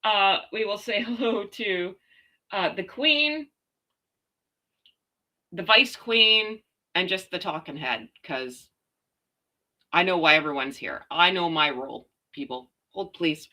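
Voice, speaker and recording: A Canadian woman hosting a casual live chat from home, chatty and quick to laugh as she talks to her viewers and her dogs. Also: fairly low pitch, lively intonation, bright, forceful tone. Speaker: livestream host.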